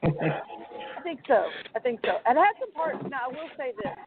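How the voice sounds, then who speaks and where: High-voiced woman in her thirties on a phone line. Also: normal speed, crowd noise. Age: 30s. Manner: animated storytelling, self-deprecating. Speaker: podcast co-host. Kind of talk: casual chat. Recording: tinny phone line with faint hiss.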